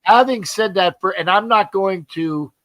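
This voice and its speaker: A man's voice: high-pitched, unhurried, a bit bright, no room sound. A man hosting a casual sports talk show, rambling, repeating words and joking. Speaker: host.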